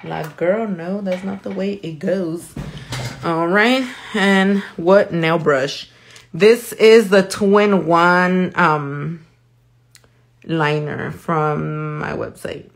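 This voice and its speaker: A nail artist demonstrates her work in a live tutorial, chatting casually with viewers, swearing freely and switching between English and Spanish. Her voice is lowish and steady, very slow, with vocal fry.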